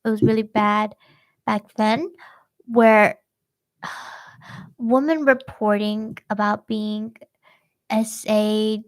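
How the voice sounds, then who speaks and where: A woman's voice: mid-range voice, very slow, pauses often. A young woman hosting a true-crime podcast, retelling a case in casual, slangy chat. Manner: slangy, animated storytelling.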